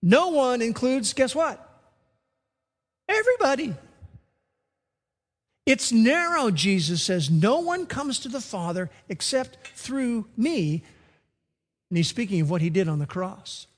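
A man with a high voice delivers a sermon at a slow, deliberate pace. He now and then acts out comic voices for the people in his stories. His words ring out with the long reverb of a large church hall. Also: big pitch swings. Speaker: pastor.

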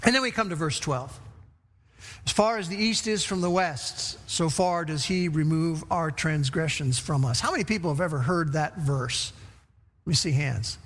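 A man preaches a sermon, animated and questioning, repeating phrases to drive points home. His voice carries a long reverb from a large church sanctuary. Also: a little high, moderate pace. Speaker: pastor.

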